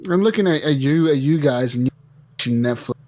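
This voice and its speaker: A man hosting a casual gaming podcast, telling stories in an animated way and swearing a lot. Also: on the high side, quick pace, no echo. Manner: animated storytelling, heavy swearing. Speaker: podcast host.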